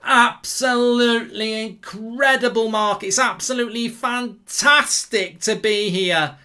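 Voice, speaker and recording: A man doing an impression of a boastful, self-important male pop singer, drawling slowly. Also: very high voice, sharp tone, clear, resonant tone, pitched above the performer's own voice, exaggerated voice.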